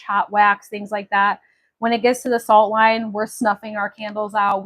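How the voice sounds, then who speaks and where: A woman's voice: mid-range voice, low-quality recording. A woman from Maui hosting a casual livestream, chatty and enthusiastic, with many fillers as she talks to viewers. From Maui, Hawaii. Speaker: livestream host.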